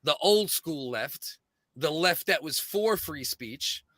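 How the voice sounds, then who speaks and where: A man's voice: a little high, expressive, slow pace, fairly bright tone, no room sound, clean studio sound. A man co-hosting a casual chat, earnest and rambling, with many restarts. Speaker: podcast co-host.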